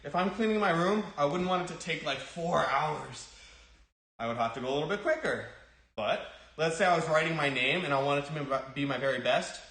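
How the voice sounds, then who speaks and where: A man's voice: fairly high pitch, a little fast, a bit bright. Upbeat man calling punch drills. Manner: upbeat, encouraging, calls out drill commands. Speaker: martial arts instructor. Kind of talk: kids' online martial arts class. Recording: very echoey room.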